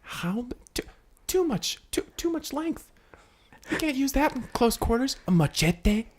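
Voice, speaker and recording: A man's voice: very animated, a little slow, full character voice. A man playing a jittery paranoid dumpster-dweller. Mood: rambling. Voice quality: husky, slips into breathy whispers. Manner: jittery and rambling, swooping up and down in pitch. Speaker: comedy podcast cast member. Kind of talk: improvised comedy podcast role-play.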